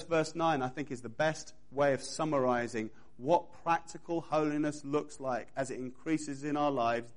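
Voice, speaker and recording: A man preaching a sermon in church, building emphatic repeated phrases and speaking straight to his congregation. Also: medium pitch. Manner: emphatic, repetitive preaching cadence; engages congregation directly.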